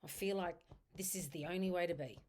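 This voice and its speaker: A woman leading a guided tapping exercise, speaking slow, repetitive first-person affirmations. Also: lowish voice, a little mellow. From Australia. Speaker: EFT tapping instructor. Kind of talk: guided tapping script spoken aloud.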